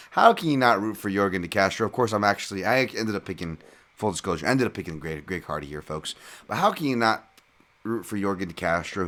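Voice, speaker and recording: A man's voice: low voice, fairly bright tone. A man hosting a podcast, giving a casual, digressive and sometimes profane fight breakdown. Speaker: podcast host, fight analyst.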